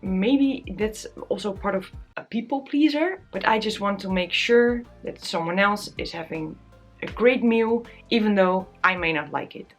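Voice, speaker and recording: A woman's voice: medium pitch, normal speed, faint music behind. A young woman talking candidly to camera in a casual vlog, tearful and laughing at herself. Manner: candid, self-deprecating, often laughing. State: tearful, close to crying. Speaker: vlogger.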